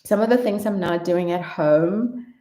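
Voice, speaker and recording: A chatty woman vlogger answering viewer questions in a casual Q&A. Her voice sits a little low and sounds through an echoey room. She is animated, laughs easily and sometimes trails off. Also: unhurried. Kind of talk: casual Q&A vlog chat.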